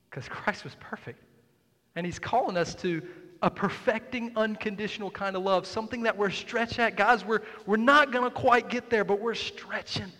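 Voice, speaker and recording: High-voiced preacher in a reverberant hall. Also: male voice. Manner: swings between hushed asides and loud emphatic calls. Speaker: pastor. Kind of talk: sermon. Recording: long reverb of a large hall.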